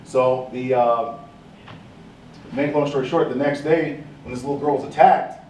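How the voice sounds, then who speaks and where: A man's voice: medium pitch, normal speed, slight background noise. Man telling a story in an echoey hall. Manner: animated, acts out the voices in his story. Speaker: conference speaker. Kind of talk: storytelling talk with acted quotes. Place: conference hall. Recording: echoey room from a distance.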